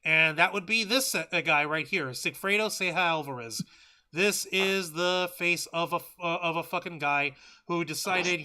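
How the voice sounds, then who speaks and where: A fired-up man hosting a livestream, reading out news and chat comments between angry, profanity-laced rants. His voice sits high for a man and has a sharp, piercing edge. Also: normal speed, clear, resonant tone. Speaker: livestream host.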